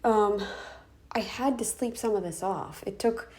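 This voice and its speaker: Speaking a little slowly in a mid-range, darkish voice, a tired and tearful vlogger vents from her bedroom. The rant is upset and emotional, broken up by sighs and restarts.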